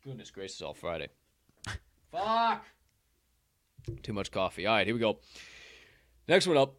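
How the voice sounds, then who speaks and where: A man's voice: fairly low pitch, big pitch swings, fast talker, a bit bright, no echo. A man hosting a sports betting show from a sportsbook, chatting casually with loose, profane joking asides.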